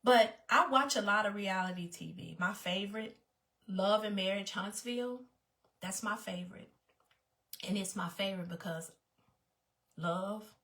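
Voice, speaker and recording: Emphatic woman with a bright voice. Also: medium pitch. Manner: emphatic, repeats phrases, conversational. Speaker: vlogger. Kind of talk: personal talk to camera.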